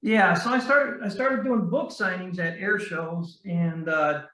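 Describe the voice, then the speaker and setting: High-voiced guy telling his story on a podcast, earnest, keeps restarting, sounds far off the mic in a roomy space. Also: sharp tone. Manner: halting, with frequent restarts and fillers; earnest and heartfelt. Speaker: guest, Navy veteran and author. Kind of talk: casual storytelling in a podcast interview.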